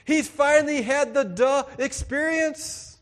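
High-voiced preaching man in reverberant church. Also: a little slow. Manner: dramatic swings between loud exclamation and quiet emphasis; acts out quoted voices in his preaching. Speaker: pastor. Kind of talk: sermon.

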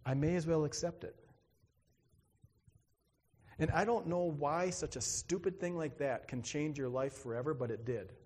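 A man's voice: on the high side, moderate pace, pauses often, darkish tone, breathy edge. A man preaching a sermon, telling a personal story in an earnest, dramatic way and acting out the other voices. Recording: long hall reverb.

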